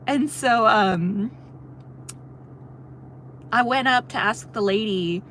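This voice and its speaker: A woman's voice: a little high, very slow, fairly bright tone, slight background noise. A young woman on a livestream, chatting casually, reading chat and telling a long story with frequent laughs. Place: in a car on a road trip.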